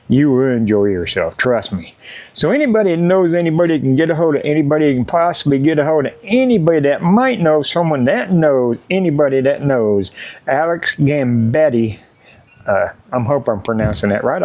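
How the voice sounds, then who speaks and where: A man's voice: medium pitch, a little mellow, dry recording. A middle-aged man, talking casually to camera in a vlog with joking, folksy plugs, feeling a little unwell. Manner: joking, folksy, hypes merch and sponsors. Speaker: motorcycle YouTuber. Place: at home in front of set-up cameras.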